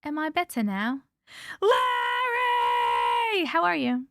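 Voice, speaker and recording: High, lively-voiced woman streamer. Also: slow pace, gravelly, no echo, clean studio sound. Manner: chatty, laughs often, greets viewers by name. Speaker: livestream host. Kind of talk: casual livestream chat with viewers.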